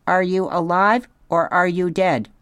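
A woman voicing a calm, literal female robot that speaks in a plain, flat way. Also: lowish voice, measured pace, clear, resonant tone, dry recording, pitched above the performer's own voice.

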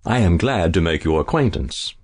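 A man voicing a calm, sly old potion seller who talks politely and indifferently. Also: low-pitched, normal speed, no room sound, studio quality. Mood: suave, indifferent.

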